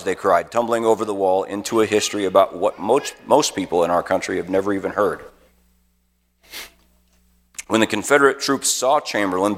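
Male pastor, dramatic storytelling sermon, lowish voice, long church reverb. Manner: vivid dramatic narration. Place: church auditorium.

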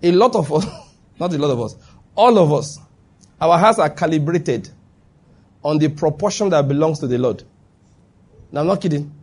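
Male preacher, slightly higher voice with a husky edge, emphatic, keeps asking the room if they're following. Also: animated, normal speed, pauses often, darkish tone. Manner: emphatic, checks in with listeners. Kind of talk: sermon. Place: before a live congregation.

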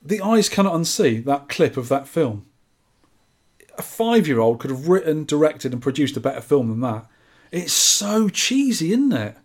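A man co-hosting a podcast in casual chat, quick and jokey banter. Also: on the high side, big pitch swings. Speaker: podcast co-host.

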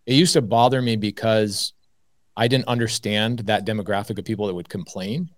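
A man's voice: lowish voice, normal speed, no echo, studio quality. A man on a debate panel talking casually, acting out the things he says himself. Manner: animated, storytelling, quotes himself. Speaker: guest panelist.

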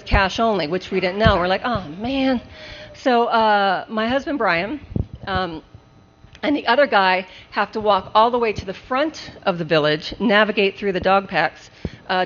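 Animated woman telling a comic story. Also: fairly high pitch. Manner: animated, laughing often. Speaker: storyteller on a live show. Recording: dull lo-fi live recording with faint hiss.

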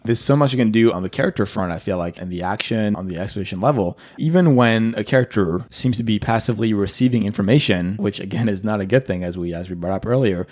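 A young man co-hosting a casual screenwriting lesson, measured and reflective, thinking aloud. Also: fairly low pitch, a little mellow. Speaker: screenwriting instructor, co-host. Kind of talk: casual teaching discussion.

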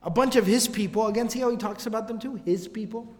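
Fast, high-voiced male lecturer. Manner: animated storytelling with casual slang asides. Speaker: religious teacher. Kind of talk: casual religious lecture. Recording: long hall reverb.

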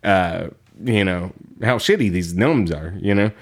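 A podcast co-host with a deep voice speaks at a measured pace, recapping a story in casual conversation. He rambles with plenty of fillers, laughs, and acts out the quotes.

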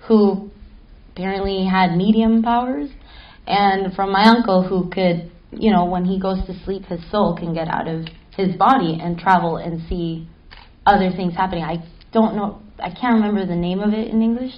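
The recording, made on a film festival panel stage, has its highs cut off. A woman from Mexico City, appearing as a panel guest, tells a spooky story at a moderate pace in a medium-pitched voice, animated, laughing and swearing casually.

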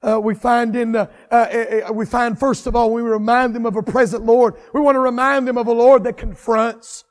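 A man preaching a sermon with fervent, repetitive cadences that swell into shouts. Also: very high voice, level tone, normal speed, few pauses, long reverb tail.

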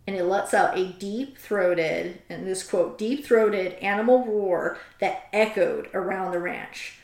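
A woman of middle pitch hosts a casual chat, retelling a story with lively energy and stopping to read passages aloud. Her voice carries a roomy echo. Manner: animated retelling, reads quotes aloud. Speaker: host.

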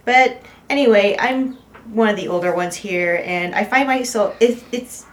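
Lady player kinda halting, lots of ums, echoey room. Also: mid-range voice, slight background noise. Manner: hesitant, many fillers. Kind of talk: introducing a game character.

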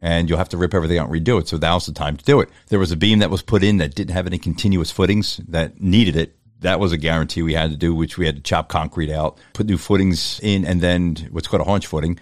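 A man who is a contractor and regular on a talk show, explaining building work in a brisk, matter-of-fact way. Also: low-pitched, fairly even intonation, no room sound, clean studio sound. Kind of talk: casual radio talk.

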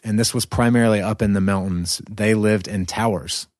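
A man's voice: on the low side, fairly even intonation, moderate pace, a little mellow, no room sound, studio quality. A man with an American Southern accent who hosts a podcast and explains things with enthusiasm in a casual chat. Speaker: podcast host.

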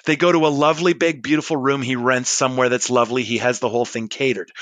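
A man in his forties telling an anecdote, chatty and animated, acting out the people he quotes. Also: on the high side, dry recording. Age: 40s. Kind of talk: storytelling monologue.

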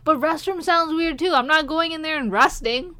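A woman's voice: sits high, sharp tone, no echo. Playful woman in casual chat. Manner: playful, quick asides. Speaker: podcast co-host.

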